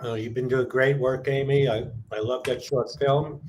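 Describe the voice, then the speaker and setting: A man's voice: medium pitch, steady tone, normal speed, darkish tone. Man hosting a stream, mid voice, short encouraging replies, faint noise behind. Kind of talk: casual chat.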